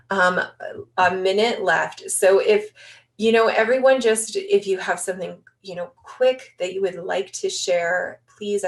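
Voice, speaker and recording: A woman hosting a spiritual online session, speaking gently and meditatively over a video call. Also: lowish voice, creaky. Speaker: session host.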